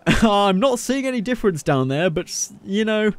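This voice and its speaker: A man narrates his gameplay in a playful, joking way, poking fun at what the character does. His voice sits a little high and swings up and down with lots of animation. The recording is dry and close, with no room sound. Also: expressive, moderate pace, smooth, no room sound. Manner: playful and jokey, teasing the character on screen. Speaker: gaming video creator. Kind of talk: casual gameplay commentary.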